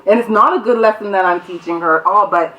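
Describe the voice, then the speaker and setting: A woman's voice: medium pitch, fast, a bit bright, distant mic, highs cut off. A mother co-hosting a casual talk show, frank and chatty. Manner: frank, chatty, laughs often. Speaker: co-host.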